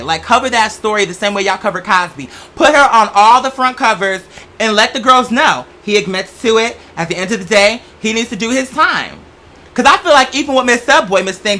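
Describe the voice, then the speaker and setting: A man's voice: high-pitched, sharp tone. A young man hosting a show, talking in a sassy, campy, profane comedic monologue. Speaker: show host.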